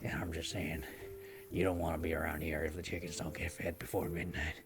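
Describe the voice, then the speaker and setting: A man's voice: very deep voice, little pitch movement, a little fast, music in the background, pitched below the performer's own voice. A man voicing a chatty Southern farmer who hands out a quest, with a Southern accent, rambling and folksy, in improvised stream role-play. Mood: ominous. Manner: rambling, folksy, turns ominous.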